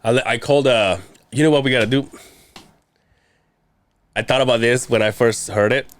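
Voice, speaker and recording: A man's voice: mid-range voice, fairly even intonation, normal speed. A man co-hosting a podcast, talking in crude, rambling casual chat with many restarts. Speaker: podcast co-host.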